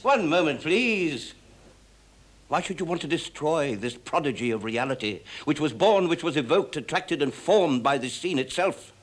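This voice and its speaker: Stage drama, actor as an impassioned, eloquent father, lively pitch, fairly high voice. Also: moderate pace, lightly acted. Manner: earnest, pleading, grandiloquent. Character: intense, eloquent father figure, a man arguing passionately.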